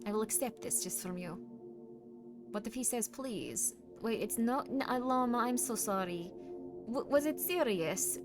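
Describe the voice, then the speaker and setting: A woman's voice: on the high side, expressive, moderate pace. Teasing woman streamer over background music. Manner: teasing and playful, bursting into loud insistent demands. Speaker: livestream host. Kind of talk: casual livestream chat reading viewer messages. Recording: stream with music playing underneath. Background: clear background music.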